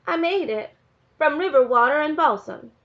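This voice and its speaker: A woman's voice: high voice, animated, moderate pace, voice pushed up. A woman reading aloud, voicing an earnest, defiant young girl with an emotional, pleading manner. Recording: dull lo-fi recording.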